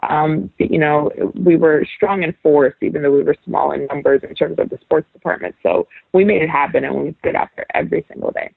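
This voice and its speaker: A woman's voice: deep voice, steady tone, brisk, creaky, few pauses, husky, dry recording. A young woman from New York City, a sports reporter guest, chatting casually with lots of fillers and restarts over a remote call. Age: young adult. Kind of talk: casual interview chat. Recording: tinny phone-like line.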